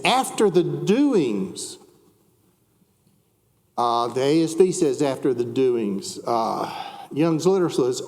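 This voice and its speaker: A man's voice: a little high, darkish tone, long reverb tail. A man teaching a church Bible class, chatting with the class, asking them questions and reading scripture aloud.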